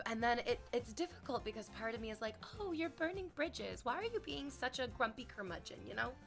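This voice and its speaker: A woman's voice: on the high side, expressive, fairly quick, gravelly, fairly bright tone, faint music behind. A young woman streaming, chatting casually with her viewers and telling a story with playful quoted voices. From Canada.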